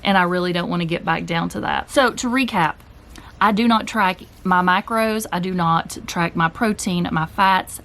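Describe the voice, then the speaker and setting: A woman in her forties talking candidly and heartfelt to her viewers in a personal vlog, direct and openly emotional at times, later cooking in her home kitchen. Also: medium pitch. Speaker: keto vlogger.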